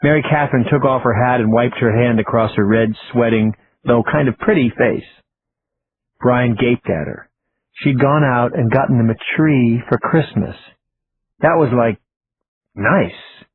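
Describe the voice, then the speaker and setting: A man narrating an audiobook in a steady, even storytelling voice. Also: medium pitch, measured pace, breathy edge. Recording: tinny phone-like audio with faint hiss.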